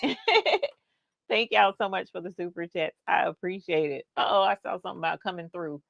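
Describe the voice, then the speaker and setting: A woman's voice: fairly low pitch, fairly quick, gravelly, dull audio, heavy background noise. A woman hosting a casual livestream, reading the chat out and cheering for her viewers. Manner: bubbly, squeals and cheers at viewers.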